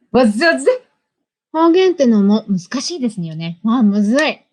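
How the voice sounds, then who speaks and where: A woman's voice: on the high side, sing-song, fairly quick, warm tone, poor audio. A young woman from the United States with an American accent, hosting a casual livestream and switching between English and Japanese in a bubbly way. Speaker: livestream host.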